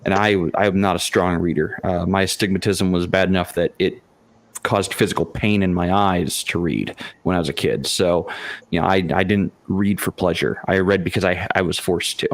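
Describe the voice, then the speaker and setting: Low-voiced man, halting and thoughtful. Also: steady tone. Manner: halting, thoughtful, with frequent ums and stammered restarts. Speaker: podcast panelist game master. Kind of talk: casual chat.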